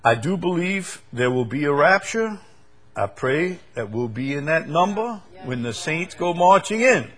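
Husky preacher swinging loud to low. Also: male voice, very animated, measured pace. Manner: swings from loud emphatic preaching to low quiet scripture reading. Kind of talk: sermon.

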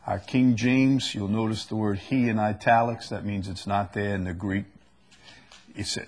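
A man's voice: fairly low pitch, moderate pace. A man preaching a sermon and reading scripture aloud, earnest and rising to emphasis on the verses.

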